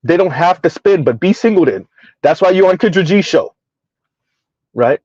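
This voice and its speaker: A man's voice: sits high, lively intonation, normal speed, a little mellow, dry recording, muffled recording. A man hosting a casual livestream commentary, emphatic and rambling, chuckling between points. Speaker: commentary channel host.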